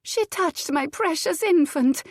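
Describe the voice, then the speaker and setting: A woman's voice: on the low side, animated, normal speed, dry recording, studio quality. A woman reading an audiobook voices a haughty, vengeful noblewoman who screams and threatens in melodramatic outbursts. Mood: cold, accusing.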